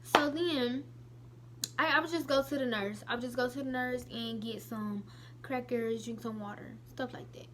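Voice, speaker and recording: A young woman in her late teens, telling a personal story to camera in a chatty, animated way. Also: fairly high pitch, moderate pace, a little hiss or hum. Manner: chatty, animated retelling with lots of "I was like". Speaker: vlogger.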